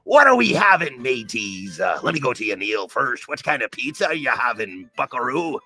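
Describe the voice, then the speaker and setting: A boisterous pirate pizza chef, as a man puts him on, all growled yargs and rough pirate slang. The voice is gravelly and husky, pitched up a touch and very bright and sharp. It swings widely up and down. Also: very animated, normal speed, faint music behind, exaggerated voice. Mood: hammy, boisterous. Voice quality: gravelly and raspy. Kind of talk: comic live-stream bit.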